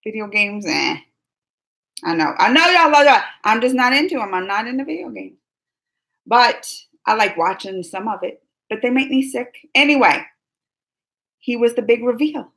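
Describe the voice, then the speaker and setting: Young woman host, slightly high voice, animated storyteller who acts out quotes in a live chat. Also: normal speed, creaky, rough recording. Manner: animated, breathless retelling with quoted dialogue and squeals. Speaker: livestream host.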